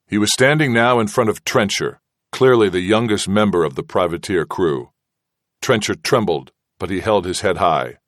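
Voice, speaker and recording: A man reading an audiobook narration in a steady, measured way. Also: sits low, no echo, studio quality. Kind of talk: scripted narration.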